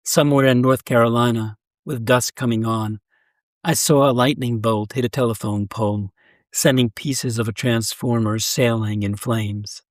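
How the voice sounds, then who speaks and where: A man reading a first-person short story aloud in a measured, even storytelling voice. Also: mid-range voice, no echo. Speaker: story reader. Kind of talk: scripted narration of a short story.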